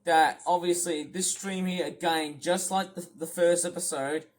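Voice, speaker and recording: A man with a high voice on an angry commentary rant. He scolds loudly in some stretches. In others he rambles, repeating words and restarting his sentences. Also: steady tone, measured pace. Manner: shouts scolding lines. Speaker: commentary ranter. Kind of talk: angry rant over stream footage.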